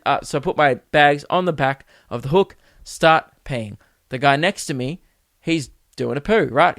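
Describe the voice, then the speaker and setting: A young man hosting a podcast, telling a comic story with animated, exasperated delivery and putting on voices for the people he quotes. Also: mid-range voice, no room sound. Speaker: podcast host. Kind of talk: comedic storytelling monologue.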